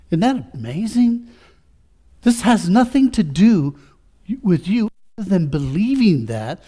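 A male pastor preaching a sermon, using many rhetorical questions and swinging between quiet reflection and rising fervor. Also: high-pitched, sing-song, a little slow.

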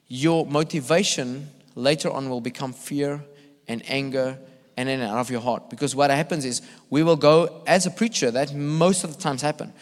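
Earnest evangelist preaching. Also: male voice, a little high. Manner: earnest, emphatic, with repeated restarts. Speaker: visiting evangelist. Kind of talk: sermon with personal testimony. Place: church hall. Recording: echoey hall.

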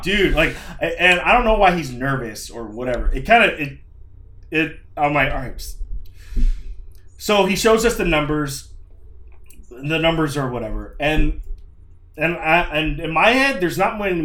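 Young man, slightly high voice, cursing storyteller, echoey room. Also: normal speed. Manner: animated, profane, acts out quotes. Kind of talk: casual storytelling.

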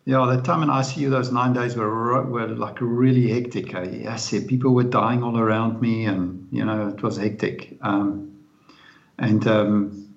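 A man's voice: mid-range voice, fairly even intonation, normal speed, vocal fry. A man speaking as an interview guest, telling his story in a blunt, frank way and often tagging his remarks with "eh?". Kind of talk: candid storytelling in conversation. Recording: roomy, dull lo-fi sound.

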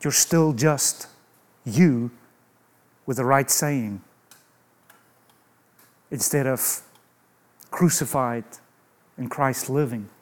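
A man's voice: medium pitch, extremely slow, pauses often. A man preaching a sermon in an emphatic way, asking rhetorical questions and adding humorous asides.

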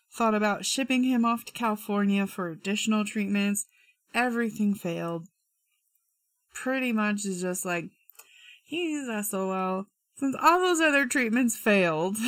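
A woman's voice: medium pitch, fairly bright tone, no echo. Woman, young adult, true crime host; dry close sound, sarcastic, blunt, swears freely. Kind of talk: casual true crime storytelling.

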